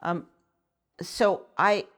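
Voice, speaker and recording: A woman's voice: on the low side, fairly even intonation, drawn-out words, a bit bright. A woman violin professor explaining intonation in a thoughtful, conversational way, asking the listener questions between short demonstrations. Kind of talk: instructional explanation with playing demonstrations. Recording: violin playing between phrases.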